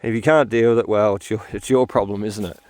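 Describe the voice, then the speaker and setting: A tired man hosting a metal detecting video, talking in a halting, rambling way full of fillers while he searches outdoors. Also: on the low side, steady tone, darkish tone, no room sound. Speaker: metal detecting channel host. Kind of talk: rambling casual vlog talk while detecting.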